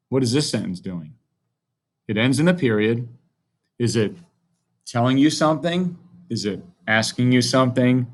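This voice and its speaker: A man's voice: medium pitch, expressive, normal speed, pauses often. A man teaching a grammar lesson to young children, speaking in a patient, friendly way.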